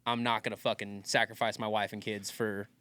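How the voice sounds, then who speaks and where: Man, comedian co-host, casual chat, rambling filler-heavy talk, bright tense tone, dry sound. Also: fairly low pitch, flat delivery, brisk, clear, resonant tone, dry recording. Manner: earnest and rambling, lots of "like". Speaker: podcast co-host, stand-up comedian.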